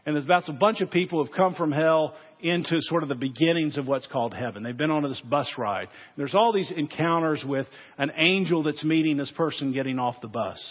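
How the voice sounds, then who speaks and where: An earnest male pastor preaching to his congregation, pressing them with direct, searching questions. His voice sits a little high for a man and carries a long church reverb, with a dull, muffled recording. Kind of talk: sermon.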